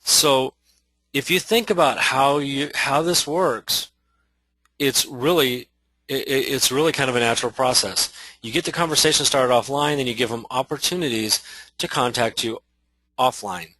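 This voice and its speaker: A man's voice: mid-range voice, normal speed, sharp tone, dry recording, rough recording. A man giving an instructional talk to real estate agents, conversational, with many restarts and rhetorical questions.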